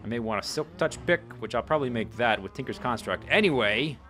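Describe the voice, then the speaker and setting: A Let's Play host talks over his own gameplay in a chatty, casual way, with faint music behind him. His voice is mid-range and brisk, and he's animated, often exclaiming and laughing at the game.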